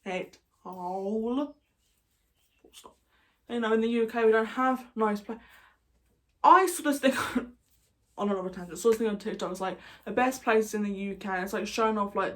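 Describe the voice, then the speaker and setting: A woman's voice: mid-range voice, moderate pace. A British woman chatting casually to camera, rambling and jokey, going off on tangents. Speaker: YouTuber. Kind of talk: casual vlog chat.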